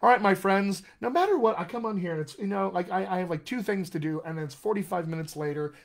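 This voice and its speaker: American man, fairly high voice, rambling and friendly as he hosts a live-stream coaching session. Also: fast, gravelly, very noisy. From United States. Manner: chatty, rambling, addresses viewers by name. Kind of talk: casual live-stream chat to viewers.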